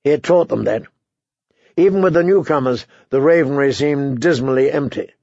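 A man narrating an audiobook in a steady storytelling manner. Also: medium pitch, moderate pace, creaky, no echo. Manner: steady storytelling, voices characters. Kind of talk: scripted narration. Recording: dry, slightly dull recording.

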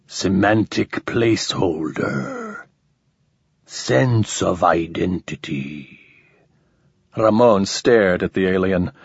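Male audiobook narrator, slow pace, husky low voice, dry slightly dull recording. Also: no room sound. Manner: measured, unhurried reading. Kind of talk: scripted novel narration.

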